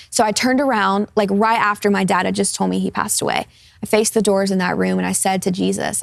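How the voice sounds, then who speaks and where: A woman's voice: mid-range voice, flat delivery, a little fast, vocal fry, dry recording. A woman in her twenties, a talk show guest, sharing her personal testimony in an earnest, open way. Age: 20s. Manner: earnest, open, laughs easily in light moments. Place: television studio.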